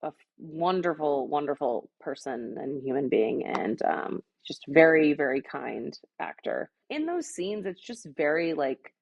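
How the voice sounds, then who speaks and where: A woman's voice: sits low, very animated, a little slow, gravelly, few pauses, breathy edge, no echo, highs cut off. A woman in her thirties, an actress guest on a podcast, chatting casually and telling stories with many fillers. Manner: chatty, filler-heavy, warm storytelling. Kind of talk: casual interview chat.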